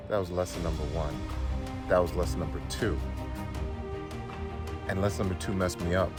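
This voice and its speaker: Animated male storyteller over music. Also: mid-range voice. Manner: animated storyteller acting out dialogue, emphatic and building. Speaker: motivational speaker. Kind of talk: storytelling speech. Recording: music bed under speech.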